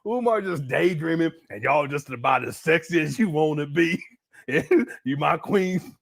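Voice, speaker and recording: A man's voice: a little high, animated, moderate pace, gravelly. A middle-aged man hosting casual reaction commentary, laughing often and mocking what he plays. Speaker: commentary host.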